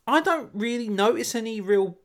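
Guy, high and animated, rambling anecdotal podcast chatter with frequent laughs. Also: normal speed. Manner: rambling storyteller, laughs often. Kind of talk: casual chat.

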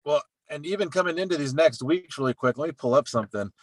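A man co-hosting a casual sports podcast, talking about his football team in a chatty, relaxed, self-deprecating way. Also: a little high, quick pace, slightly rough. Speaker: podcast co-host.

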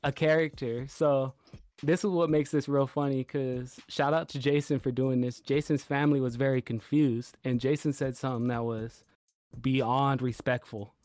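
A man's voice: medium pitch, steady tone, normal speed, a little mellow, dry recording. Podcast co-host, male, easygoing storyteller, dry close sound. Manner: laid-back storytelling, retelling quotes. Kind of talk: casual chat.

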